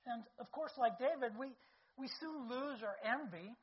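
A woman's voice: fairly high pitch, lively intonation, normal speed, breathy edge. A woman preaching a conversational sermon who keeps checking in with her listeners, heard on a dull lo-fi recording.

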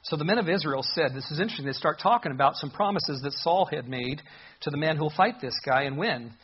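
A man preaching a sermon, retelling a story with lively asides and briefly voicing its characters. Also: on the high side, fast talker, husky. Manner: animated, voices characters in the story. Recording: dull lo-fi sound.

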